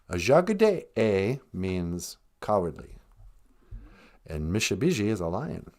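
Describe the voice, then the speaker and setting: A man hosting a comedy podcast, joking darkly in a deadpan, drawling way. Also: on the low side, measured pace. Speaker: podcast host.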